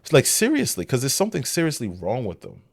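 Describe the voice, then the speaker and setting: A man talking through a clip in casual commentary, blunt and incredulous. His voice swings widely between low and high in pitch, and the sound is dry with no room to it. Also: wildly swooping pitch, quick pace, gravelly, slightly rough, no echo. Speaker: reaction commentator.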